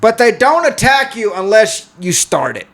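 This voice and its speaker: Bright, lively high-voiced joking man. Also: moderate pace. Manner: lively jokester, acts out his story with loud yelps. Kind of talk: casual comedy podcast banter.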